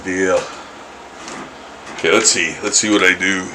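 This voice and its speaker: A middle-aged man chats to his viewers while he sketches, his voice low-pitched but bright and forceful. He rambles, restarts his sentences and chuckles to himself. A faint hum of room noise sits behind him. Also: fairly even intonation, measured pace, low-quality recording. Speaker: artist streaming his drawing. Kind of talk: casual chat while drawing.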